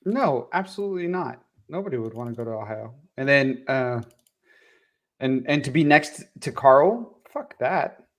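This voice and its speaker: A man's voice: mid-range voice, lively intonation, moderate pace, fairly bright tone. A man co-hosting a casual livestream chat, swearing freely and laughing often. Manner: loose and profane, laughs often. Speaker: co-host.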